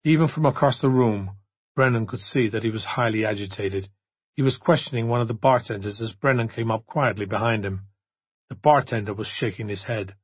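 Male audiobook reader, husky, steady, dull dry close recording. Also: lowish voice, a little fast, no room sound. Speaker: audiobook narrator. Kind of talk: scripted narration.

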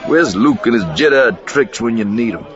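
A man's voice: medium pitch, expressive, moderate pace, highs cut off, faint music behind, a faint crowd, pitched above the performer's own voice, lightly acted. A male narrator voicing a wry, persuasive male gambler.

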